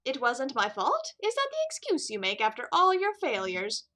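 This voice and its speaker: A woman's voice: high voice, huge pitch swings, moderate pace, pushed and bright, faint music behind, full character voice. A woman voicing a harsh, scornful male rival in a game, taunting someone. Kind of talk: game dialogue read aloud.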